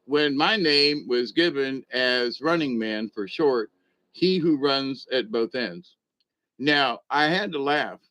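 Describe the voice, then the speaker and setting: A man's voice: medium pitch, expressive, slow, sharp tone, no room sound. A man telling a rambling comic story in a casual way, chuckling and acting out other people's voices as he goes. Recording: dull lo-fi dry recording.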